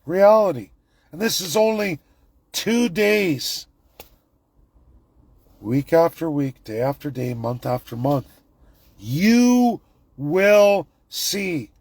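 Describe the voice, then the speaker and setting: A man's voice: fairly high pitch, slow pace, long pauses, a little mellow, breathy edge, dry recording. A man, ranting emphatically and repetitively in a political vlog monologue. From Canada. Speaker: political commentator.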